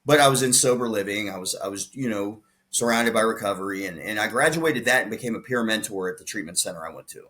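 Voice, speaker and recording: A man's voice: lowish voice, quick pace, few pauses. A man, a podcast guest, telling his story in casual conversation, acting out the lines of the people in it. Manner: animated retelling, acts out quoted dialogue, frequent restarts.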